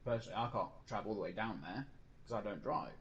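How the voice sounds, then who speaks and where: A man's voice: lowish voice, fast, dull audio, a little hiss or hum. A man streaming a game, rambling through a personal story in casual chat and mimicking other people's lines. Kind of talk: casual chat while gaming.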